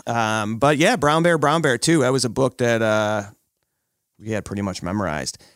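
A man in his thirties chatting on a podcast, telling jokey stories about his kids with lively put-on quotes. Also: medium pitch, normal speed, clean tone, no echo, clean studio sound. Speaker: podcast co-host. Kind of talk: casual chat.

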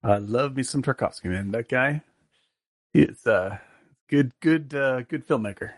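A man's voice: medium pitch, measured pace, dry recording, studio quality. A man co-hosting a movie review podcast, talking casually with lots of fillers and jokes. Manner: rambling, jokey, many fillers. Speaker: podcast co-host.

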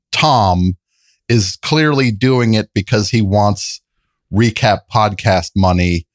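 A comedian guest in a casual podcast chat, riffing with wry, comic asides. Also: male voice, on the low side, dry recording, clean studio sound.

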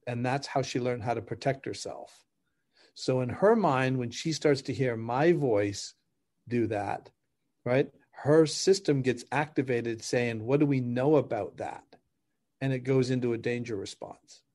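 A middle-aged man, a podcast guest who coaches couples, telling stories in lively conversation, laughing and acting out dialogue as he explains. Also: mid-range voice, measured pace. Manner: animated, laughs while explaining, acts out dialogue. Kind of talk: conversational storytelling.

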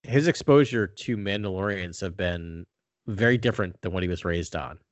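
A man with a lowish voice co-hosting a fan podcast, easygoing and quick to agree. He is recorded dry and close, with no room sound around him. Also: no room sound. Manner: conversational, agreeable, quick to say yeah. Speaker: podcast co-host. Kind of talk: casual fan podcast chat.

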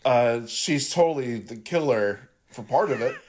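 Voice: mid-range voice, animated, a little slow, a little mellow, a little hiss or hum. A podcast co-host in casual chat, giggling and riffing playfully.

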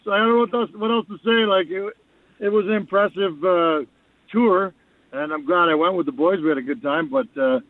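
A high-voiced man calls in by phone as a guest analyst on a sports radio show, heard over a tinny line with no room sound. He speaks candidly in casual sports chat, often repeating words as he restarts.

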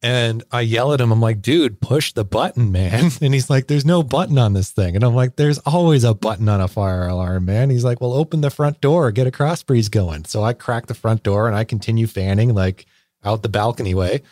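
A man's voice: medium pitch, fairly quick, warm tone, no room sound, clean studio sound. A man co-hosting a podcast, telling a long casual story with many fillers and laughs. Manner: rambling, laughing anecdote full of fillers. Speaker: podcast co-host.

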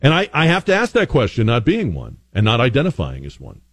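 A man hosting an opinion talk show, delivering a sarcastic, mocking monologue with exaggerated high-pitched asides. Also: wildly swooping pitch, brisk, dry recording. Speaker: political commentary host.

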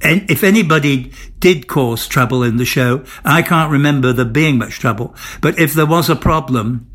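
A man's voice: medium pitch, normal speed, a bit bright. An older man, an actor, telling stories in an interview, theatrical and amused, often repeating and restarting his words. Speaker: interview guest, former soap actor. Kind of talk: candid anecdotal chat.

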